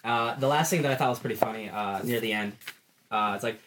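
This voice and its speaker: A man's voice: medium pitch, quick pace, a bit bright. An enthusiastic man co-hosting a casual podcast, chatting loosely about a comic he liked. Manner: enthusiastic, says dude a lot. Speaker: podcast co-host. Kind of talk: casual book club chat.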